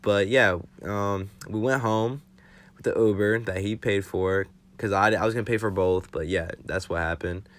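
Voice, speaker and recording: A man's voice: on the low side, steady tone, normal speed. A young man telling a casual storytime for his vlog, rambling and swearing freely with lots of fillers. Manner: rambling, profane, full of fillers. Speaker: vlogger.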